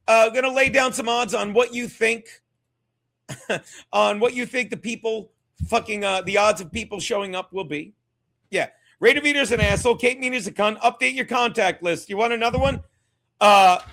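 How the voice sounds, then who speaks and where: A streamer hosts a ranting live stream, loud and profane, mocking people and repeating himself. His unusually high voice is bright and piercing with vocal fry, and he often rises into shouts.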